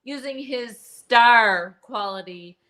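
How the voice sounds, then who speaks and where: A woman's voice: fairly high pitch, slow pace, fairly bright tone. A middle-aged woman, the host's mother, ranting bluntly and swearing often in a casual podcast chat.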